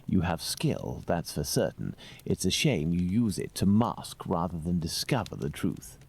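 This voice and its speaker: An actor playing Sherlock Holmes, a sharp detective who questions people in a measured, pointed way in a video game. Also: male voice, low-pitched, very animated, gravelly, slightly rough, heavily acted. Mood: probing.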